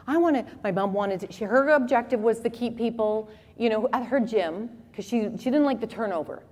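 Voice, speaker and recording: A woman in her forties giving a conference talk with animated, humorous storytelling. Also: on the high side. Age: 40s. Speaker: conference speaker. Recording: long reverb of a hall.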